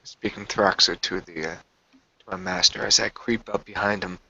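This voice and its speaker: A man describing his character's actions in a tabletop game, slow and descriptive. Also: deep voice, fairly even intonation, vocal fry, pushed and bright, lo-fi sound. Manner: slow, descriptive first-person narration. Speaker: player.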